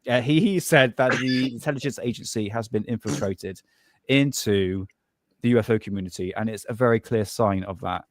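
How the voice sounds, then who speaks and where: A man's voice: fairly low pitch, normal speed, slight background noise. A man from Southwest England with a Southwest English accent, chatting casually on a live stream as co-host, rambling with frequent restarts. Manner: rambling, restarts often, says "mate".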